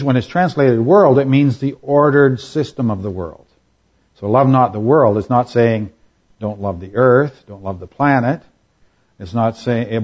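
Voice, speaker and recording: A man delivers a Bible teaching in a relaxed, conversational way and keeps checking in with his listeners. His voice sits at a middle pitch. The recording is a little dull and lo-fi. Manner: conversational, with frequent checks like "all right?" and "okay?"; reads scripture aloud at a measured pace. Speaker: preacher.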